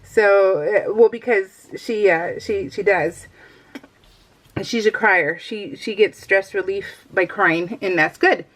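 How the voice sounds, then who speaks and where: A woman's voice: mid-range voice, slow, a bit bright. A middle-aged woman chatting casually to viewers while she crafts, rambling and laughing often. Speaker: crafting vlogger.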